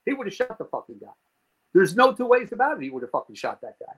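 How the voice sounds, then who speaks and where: A man from New Jersey tells a story as a podcast guest, swearing often and acting out what happened. His voice sits a little higher than most men's. He is animated and comic throughout. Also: fast talker, poor audio. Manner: animated, swearing, acts out scenes.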